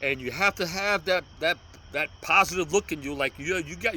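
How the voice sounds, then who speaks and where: Man, 60s, from New York, earnest, pleading, bright voice, faint outdoor street noise. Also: fairly high pitch, normal speed, low-quality recording. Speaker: vlogger teaching cane self-defense. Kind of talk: casual outdoor vlog.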